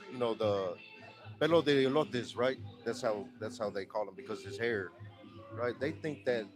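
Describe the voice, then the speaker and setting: A man with a Texan accent giving earnest, halting answers in a street interview, often restarting his words. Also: lowish voice, poor audio.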